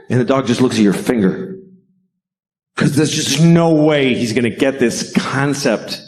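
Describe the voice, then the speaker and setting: A middle-aged man doing a stand-up comedy set on stage, deadpan and profane, acting out bits. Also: mid-range voice, moderate pace. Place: stage before a live audience.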